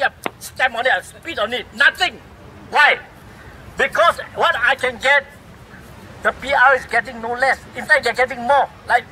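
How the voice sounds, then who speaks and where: This is an impassioned public speech from a middle-aged Singaporean-accented man at a rally, recorded outdoors in a city, where he rhetorically berates the government. He speaks in a very high, strained, bright voice, and the rough recording has a slight hiss or hum.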